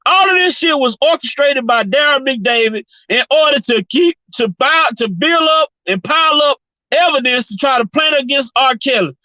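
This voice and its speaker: A woman's voice: sits high, lively intonation, normal speed, pushed and bright, no echo, highs cut off. A woman vlogger delivering a heated, profane opinion rant, repeating her points with fired-up energy. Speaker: commentary vlogger.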